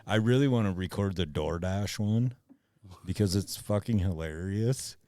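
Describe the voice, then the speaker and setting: A man's voice: deep voice, normal speed, dark tone, no room sound, studio quality. A man co-hosting a casual podcast, laid-back and cursing casually. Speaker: podcast co-host.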